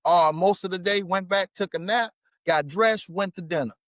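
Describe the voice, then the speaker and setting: A man's voice: high-pitched, normal speed, a bit bright, no room sound, studio quality. A middle-aged man, a marriage coach guest, telling stories with playful humor. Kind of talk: casual chat.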